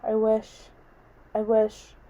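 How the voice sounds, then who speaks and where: A woman reading the lines of a shaken young father in an audiobook, speaking quietly and gently. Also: a little high, monotone, very slow, phone-quality sound. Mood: grieving.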